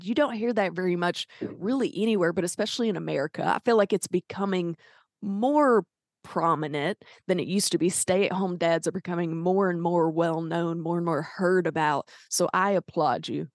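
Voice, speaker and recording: A woman's voice: fairly low pitch, moderate pace, a little mellow, no room sound, clean studio sound. A woman with a Southern US accent hosting a podcast interview in a bubbly, effusive way. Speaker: podcast host.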